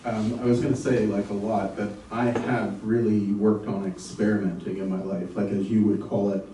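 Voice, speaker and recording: A man's voice: on the low side, flat delivery, distant mic, noisy background. Hesitant man in a very echoey room. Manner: hesitant, halting, with short agreements. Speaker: participant. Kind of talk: conversation. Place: living room.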